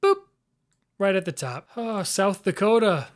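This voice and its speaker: A man's voice: high-pitched, expressive, measured pace. A man hosting his own video, giving casual, playful commentary as he ranks flags, with frequent exclamations and chuckles. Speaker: YouTube host.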